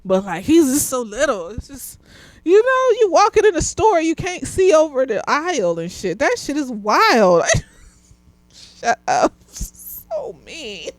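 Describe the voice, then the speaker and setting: A woman's voice: high voice, huge pitch swings, takes it slowly, dry recording. A slightly tipsy woman, animatedly reviewing a TV show in casual chat, laughing often and swearing freely.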